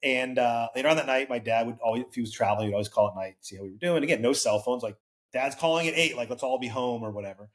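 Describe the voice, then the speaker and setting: The voice is medium-pitched and fast: a man in his forties, a guest on a podcast, spinning out a long, rambling personal story. His casual delivery is packed with "like" and acted-out voices of others.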